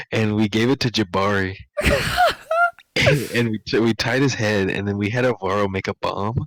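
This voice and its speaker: A man's voice: on the low side, wildly swooping pitch, measured pace, a bit bright, no room sound, rough recording. A young man co-hosting a podcast, telling school stories in a rambling way, laughing often and filling his talk with "like". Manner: rambling, laughing, full of "like" fillers. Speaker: podcast co-host. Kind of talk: casual storytelling chat.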